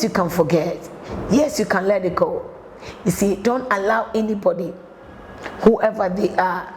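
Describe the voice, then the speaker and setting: A woman's voice: mid-range voice, darkish tone, slight background noise. A woman pastor with a Ghanaian accent preaching a sermon on letting go of pain, earnestly pleading and repeating her points. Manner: earnest, repetitive pleading exhortation. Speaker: pastor and marriage counsellor.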